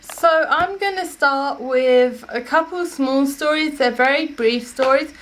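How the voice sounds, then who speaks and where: A young woman with a slightly high-pitched voice tells anecdotes to camera at home. Her delivery is chatty and rambling, full of restarts and self-corrections. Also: a little slow, a bit bright. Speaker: vlogger. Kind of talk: casual storytelling to camera.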